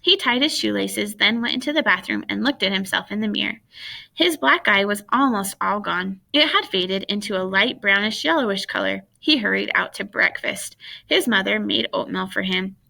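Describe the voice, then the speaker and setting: A woman reading a children's chapter book aloud at an even storytelling pace. Her voice is bright, with a gravelly fry at the edges. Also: medium pitch, moderate pace. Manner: plain, steady storytelling. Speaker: audiobook reader.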